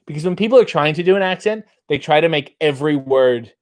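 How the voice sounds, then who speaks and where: A man with a slightly higher-pitched voice hosts a casual livestream, reading viewer comments aloud. He answers each one with dry, wry asides. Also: a little fast. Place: dark room with a black backdrop.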